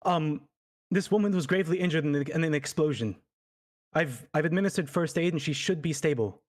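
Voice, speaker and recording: A man's voice: a little high, fairly quick, voice pushed up, close to an everyday voice. A man playing a polite young nobleman. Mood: gentle. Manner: formal, gentle.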